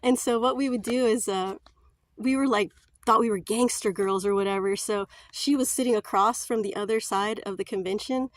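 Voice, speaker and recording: A woman's voice: medium pitch, moderate pace, no room sound. A chatty woman, telling stories in a casual vlog and laughing often. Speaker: vlogger.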